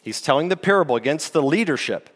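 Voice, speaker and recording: A man's voice: a little high, animated, fast, a bit bright. A man preaching a sermon as lead pastor, teaching in a conversational way with rhetorical questions. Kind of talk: expository sermon. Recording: long hall reverb.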